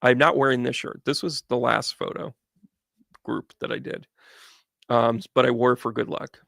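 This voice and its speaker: Man, livestream host, medium, rambling chatty storyteller, gravelly voice, dry close sound. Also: mid-range voice, steady tone, moderate pace, fairly bright tone, dry recording. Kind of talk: casual livestream chat.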